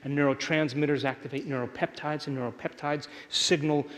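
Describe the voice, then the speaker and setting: A man's voice: fairly high pitch, fairly even intonation, fairly quick, fairly bright tone. Man lecturing in a reverberant hall. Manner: keeps checking in with the audience. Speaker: seminar speaker. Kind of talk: motivational seminar lecture. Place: large lecture hall with a live audience.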